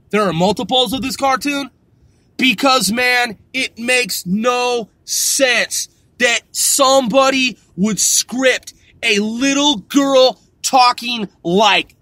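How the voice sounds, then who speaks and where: A man podcasting, ranting angrily with lots of swearing and sudden loud outbursts. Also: extremely high pitch, no room sound. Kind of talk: profane rant.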